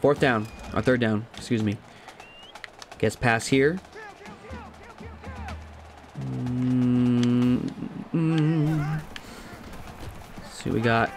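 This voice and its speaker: A man giving casual let's-play commentary on a football video game, chatty and thinking aloud, laughing at himself and jumping to loud shouts at big plays. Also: medium pitch, normal speed, pauses often, faint music behind. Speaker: gaming commentator.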